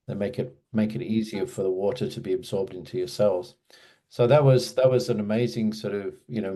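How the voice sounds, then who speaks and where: A man's voice: fairly low pitch, mellow. A man casually telling a personal memory in an interview, hesitant, with many restarts and fillers. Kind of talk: casual storytelling.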